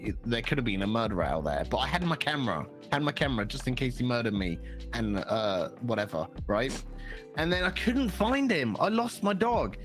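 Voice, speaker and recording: A young man co-hosting a podcast, rambling through a story in casual chat and swearing freely. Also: mid-range voice. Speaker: podcast co-host.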